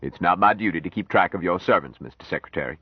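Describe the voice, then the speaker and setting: Sardonic older lawyer, read by a male audiobook narrator; deep, measured, dry close recording. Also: slightly rough, dry recording, muffled recording. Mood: dry, firm.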